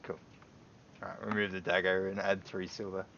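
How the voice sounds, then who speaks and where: A man's voice: low voice, normal speed, vocal fry, a little hiss or hum. A man narrating as game master, telling the scene with frequent laughs. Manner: laughing often, animated storytelling. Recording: dull lo-fi stream audio.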